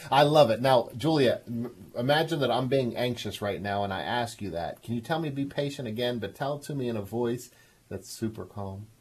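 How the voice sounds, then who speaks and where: Man, radio call-in host, husky voice, encouraging, coaching tone. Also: mid-range voice, moderate pace. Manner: encouraging, coaching, enthusiastic praise. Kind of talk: call-in advice talk.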